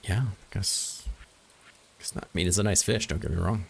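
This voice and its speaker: A man with a low, creaky voice keeps a steady tone and moderate pace while casually playing a farming game for his channel. He thinks aloud and drops dry, self-mocking jokes. His voice sounds slightly rough.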